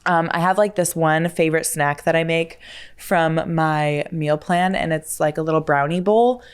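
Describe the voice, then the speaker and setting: A woman's voice: low-pitched, steady tone, normal speed, clear, resonant tone. A woman hosting a casual solo podcast, chatty and self-deprecating, who stumbles over words and laughs at herself. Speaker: podcast host.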